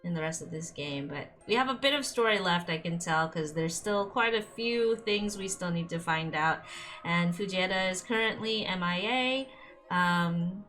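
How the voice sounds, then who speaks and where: A woman's voice: fairly low pitch, normal speed, a bit bright. A young woman streamer chatting casually and emotionally as she wraps up a game episode, rambling with lots of "like" and little laughs. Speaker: let's-play streamer.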